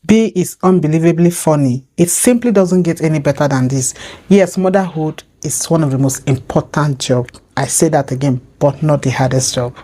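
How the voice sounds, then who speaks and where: Young female reaction host, low mellow voice, earnest and emphatic. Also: normal speed. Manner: earnest, emphatic, repeats her points. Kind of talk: casual reaction commentary.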